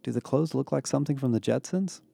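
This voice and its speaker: A man's voice: on the high side, expressive, slow, mellow, no echo, voice pushed up. A man voicing a sarcastic teenage boy with a bitter, dry delivery.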